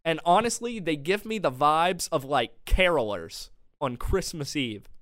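A young man co-hosting a casual podcast, telling a rambling story with lots of laughs. His voice sits a little high and sounds smooth and clean. The close mic gives a dry, tight sound. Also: measured pace, no echo. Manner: animated storyteller, often laughing. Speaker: podcast co-host. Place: home studio.

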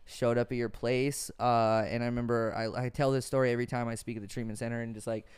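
A man's voice: mid-range voice, flat delivery, quick pace, darkish tone, smooth. A young man hosting a casual podcast, telling earnest stories peppered with swearing. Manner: earnest, profane storytelling. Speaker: podcast host.

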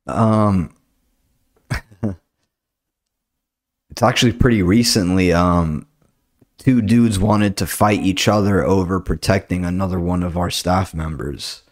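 A man's voice: low-pitched, slow pace, long pauses. A young man who hosts a podcast, chatting casually and telling stories from his work at a comedy club, swearing freely and acting out both sides of arguments. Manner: laid-back, swears a lot, retells arguments in quoted voices. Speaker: podcast host and comedy club door staff. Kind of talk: casual chat.

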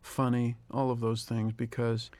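A man, a film director, giving a reflective audio commentary, thinking aloud with pauses and restarts. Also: mid-range voice, little pitch movement, darkish tone.

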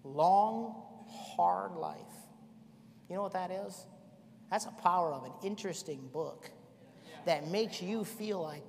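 Gravelly preacher in an echoey hall. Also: male voice, high voice, lively intonation, takes it slowly, long pauses. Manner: swings from shouting to quiet storytelling. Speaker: pastor. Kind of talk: sermon. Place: church hall.

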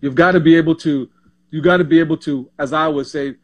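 Guy in his 60s from panama, animated storyteller, repeats himself a lot, highish voice. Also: fast talker. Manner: animated, repeats and restarts words. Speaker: former pro basketball player, guest. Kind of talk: casual interview storytelling.

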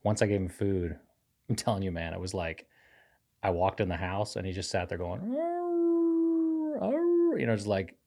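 A man with a low voice tells a meandering story in relaxed conversation. He is a pastor and co-host who teases himself and laughs easily. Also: fairly quick. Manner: rambling storyteller, self-teasing, laughs often. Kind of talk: casual chat.

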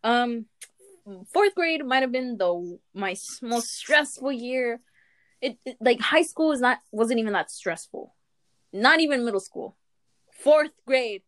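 A woman's voice: a little high, no echo. A young woman telling funny school stories in a casual chat, swearing often and laughing between lines. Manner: laughing, profane, animated storytelling.

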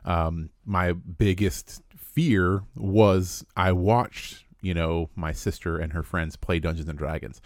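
A man's voice: sits low, fairly even intonation, takes it slowly, no room sound, clean studio sound. A man co-hosting a podcast, talking through his experiences in an earnest, reflective way. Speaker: podcast co-host and player. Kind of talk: casual chat.

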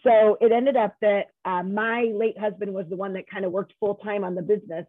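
A woman's voice: medium pitch, fairly even intonation, brisk, no room sound. A middle-aged woman, a nonprofit founder, telling her story emphatically as a guest in an interview. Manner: emphatic, storytelling, frequent restarts. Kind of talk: interview conversation. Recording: tinny dry phone line.

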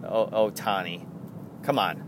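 A man with a New York accent hosting a casual solo sports podcast, rambling and excitable, laughing often. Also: lowish voice, measured pace, slight background noise. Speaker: podcast host.

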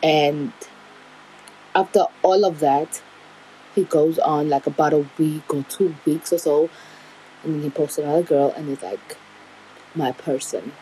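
A woman's voice: low-pitched, fairly even intonation, a little slow, long pauses, mellow, a little hiss or hum, low-quality recording. Candid young woman recounting a hard time. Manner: candid, rambling, emotional retelling with nervous laughs. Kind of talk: personal storytelling.

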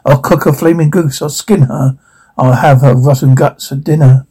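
A man's voice: mid-range voice, fairly even intonation, normal speed, mellow, breathy edge. A man voicing a raging wicked queen. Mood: furious. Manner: ranting, vicious. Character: furious wicked queen, shrieking threats.

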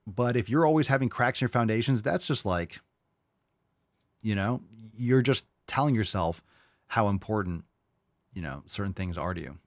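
A young man rants bluntly and profanely as a podcast host, mocking people in a raised, sing-song voice. His voice sits fairly low. The recording is close and dry, with no room sound. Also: animated, normal speed, pauses often, dry recording. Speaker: podcast host answering listener questions. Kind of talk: casual rant.

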